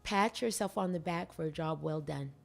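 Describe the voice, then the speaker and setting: A woman hosting a podcast in a relaxed, chatty way, her voice sitting a bit low. She is animated and playful, quick to laugh and poke fun at herself. Faint music plays under the conversation. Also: creaky. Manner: animated, laughs often, playful self-mocking asides. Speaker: podcast host. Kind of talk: casual podcast chat.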